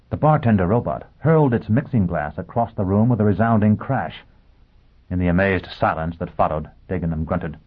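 A man narrating an audiobook in a measured, dramatic reading. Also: low voice, expressive, slightly rough. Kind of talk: scripted narration. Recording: tinny phone-like audio.

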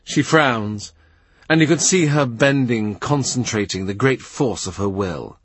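A man giving a measured, expressive audiobook narration. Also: mid-range voice, husky, dry recording.

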